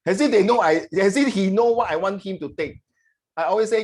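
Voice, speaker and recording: A middle-aged man with a Singaporean accent, teaching a class in a lively way and acting out the voices he quotes. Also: on the high side, quick pace. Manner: animated, switches between English and Mandarin, acts out quoted voices. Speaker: English tutor.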